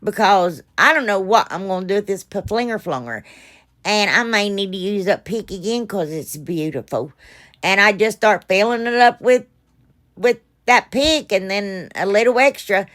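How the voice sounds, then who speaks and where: A woman's voice: mid-range voice, animated, moderate pace, a bit bright. A middle-aged woman, narrating her craft project in a rambling, chatty, self-deprecating way full of fillers. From United States. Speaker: craft channel host. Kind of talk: casual crafting voice-over.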